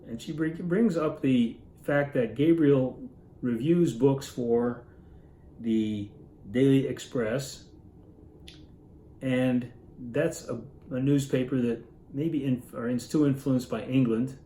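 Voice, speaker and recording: A man's voice: medium pitch, fairly even intonation, slow pace, mellow, roomy sound, slight background noise, rough recording. A man retelling and explaining a classic story in an earnest, informal way, musing aloud and correcting himself as he goes. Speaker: literature reader explaining a story. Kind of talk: informal story summary and commentary.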